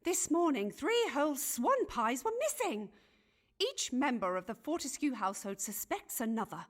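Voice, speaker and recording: A woman's voice: high-pitched, sing-song, moderate pace. An actress voicing a fussy, self-important Elizabethan noblewoman who chatters in archaic phrasing, in a video game. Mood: gossipy. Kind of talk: game voice acting.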